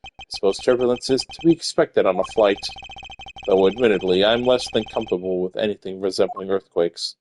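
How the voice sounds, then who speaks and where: Miles Edgeworth, voiced deep by a streamer. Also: male voice, a little fast, a little mellow, faint music behind, close to an everyday voice. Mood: brooding. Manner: stiff, proper, brooding inner monologue. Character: composed, formal young male prosecutor. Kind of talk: game voice-over dub on stream.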